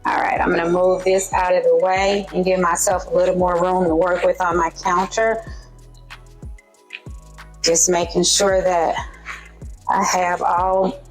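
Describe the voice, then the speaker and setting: A woman's voice: lowish voice, level tone, unhurried, long pauses, low-quality recording. Southern woman, cooking channel host, casual chatty demo, home kitchen, faint music underneath. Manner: chatty, addresses viewers as guys, frequent okays.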